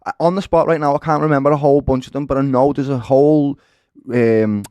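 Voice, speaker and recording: Fast-talking Scouse man, passionate fan. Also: medium pitch, fairly even intonation, warm tone, clear, resonant tone, dry recording. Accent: Liverpool (Scouse). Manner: passionate, emphatic, keeps calling others "lad" and "brother". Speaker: football fan-channel co-host. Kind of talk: animated football fan discussion.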